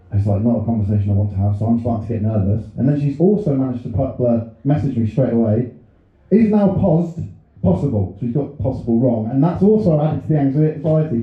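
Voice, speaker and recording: Man, thirties, stand-up comic, self-deprecating storyteller, very echoey, tinny phone-like sound. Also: medium pitch. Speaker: stand-up comedian. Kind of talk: stand-up set. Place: comedy club stage.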